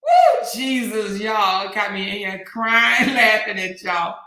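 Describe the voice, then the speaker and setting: A woman host chatting casually with her viewers, breaking into laughter again and again. Her voice is very bright and sharp, with loud playful bursts. The room rings with a roomy echo. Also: mid-range voice, very animated, slow. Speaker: host reading viewer comments. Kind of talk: casual livestream chat. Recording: roomy echoey room sound.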